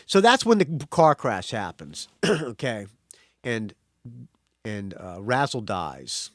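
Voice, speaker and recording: A man's voice: mid-range voice, very animated, takes it slowly, fairly bright tone, no echo, studio quality. A male podcast host giving a casual movie review monologue, blunt and profane, with frequent restarts.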